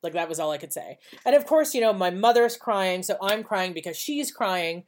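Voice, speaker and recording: A woman's voice: mid-range voice, animated, moderate pace, slight background noise. A woman co-hosting a podcast, telling a personal story in a blunt, profane, casual way and acting out the dialogue. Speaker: podcast co-host.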